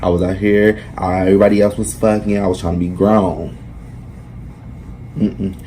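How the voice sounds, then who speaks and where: A young man, telling a blunt, profane, animated storytime to his vlog viewers. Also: sits low, normal speed, a little hiss or hum, poor audio. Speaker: vlogger. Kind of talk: casual storytime monologue.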